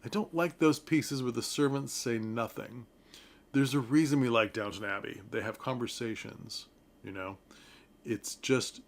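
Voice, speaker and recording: A man talks through a stage play in a relaxed review to camera, mid-pitched and chatty. He sounds enthusiastic, pausing on ums and turning often to his viewers. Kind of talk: casual talk-to-camera review.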